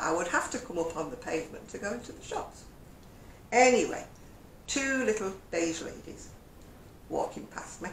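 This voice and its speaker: A woman's voice: on the low side, vocal fry. An older woman chatting in a vlog, telling stories and chuckling often. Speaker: crochet vlogger. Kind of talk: casual chat. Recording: echoey room with faint hum.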